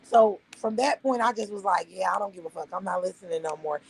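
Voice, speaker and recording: Woman streamer, Las Vegas vernacular, husky and gravelly, profane rambling rant to chat. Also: medium pitch, fairly quick, poor audio. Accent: Las Vegas, African American Vernacular English. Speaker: livestream host. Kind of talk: casual livestream rant.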